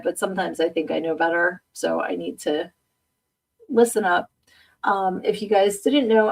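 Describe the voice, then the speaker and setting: A woman's voice: mid-range voice, a little mellow, far from the mic. A middle-aged woman hosting a podcast, chatting casually and rambling, laughing often at herself as she reads viewer comments aloud. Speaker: podcast host.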